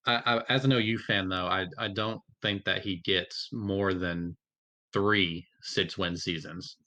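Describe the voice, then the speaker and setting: A man's voice: low-pitched, fairly even intonation, measured pace, pushed and bright. A man who is a guest on a casual sports podcast, stammering through restarts as he hedges his opinions.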